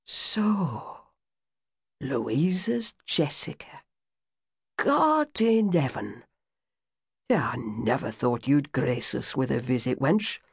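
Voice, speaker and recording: A woman voicing a tough, hard-faced older woman with a gruff, curt manner. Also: extremely low pitch, big pitch swings, slow, long pauses, no room sound, studio quality, voice pushed down, full character voice.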